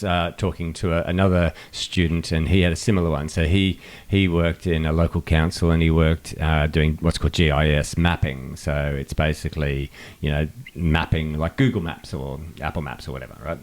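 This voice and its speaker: A middle-aged man with a very low, deep voice, talking casually on a podcast. He tells stories with energy and acts out both sides of old phone calls. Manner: animated storyteller acting out phone calls. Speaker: podcast co-host. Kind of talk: casual chat.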